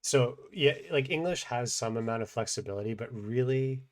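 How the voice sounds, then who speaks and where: A man explaining grammar in a relaxed, unscripted way, thinking aloud with many fillers and restarts. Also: medium pitch, moderate pace, slight background noise. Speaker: language teacher.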